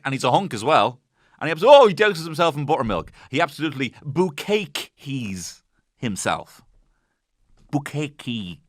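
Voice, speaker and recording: A man's voice: medium pitch, no room sound. A man hosting a comedy podcast from a studio. He recaps an episode in a rambling, jokey way and swears freely. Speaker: podcast host.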